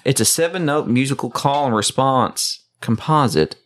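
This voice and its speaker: A man's voice: mid-range voice, moderate pace, fairly bright tone. A man co-hosting a casual podcast, teasing his partner and reading facts aloud. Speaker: podcast co-host. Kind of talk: casual chat.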